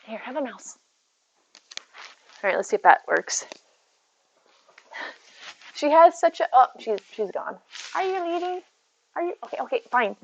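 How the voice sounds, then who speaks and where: A woman's voice: a little high, very animated, measured pace, gravelly, long pauses, dull audio, a little hiss or hum. A woman streaming from home, chatting casually, greeting viewers by name and talking to her cat. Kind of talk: casual live-stream chat. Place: at home near her bed.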